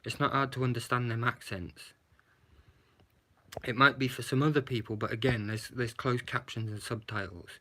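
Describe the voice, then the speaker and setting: A man's voice: mid-range voice, fairly even intonation, normal speed, fairly bright tone, a little hiss or hum. A man giving a blunt, sarcastic movie review, swearing and adding "yeah?" to his points. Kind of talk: casual movie review rant.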